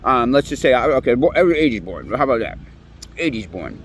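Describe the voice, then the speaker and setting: A man's voice: mid-range voice, sing-song, fast talker, a little hiss or hum. A man in his late thirties giving a profane, rambling, heated monologue outdoors. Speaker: vlogger. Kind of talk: ranting monologue. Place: outdoors near woods.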